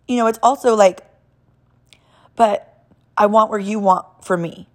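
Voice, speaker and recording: A woman's voice: medium pitch, steady tone, unhurried, long pauses. Woman in her 30s from socal, talking raw and emotional about faith, rambles and restarts a lot. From Southern California. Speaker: vlogger sharing a personal story. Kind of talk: candid personal faith talk.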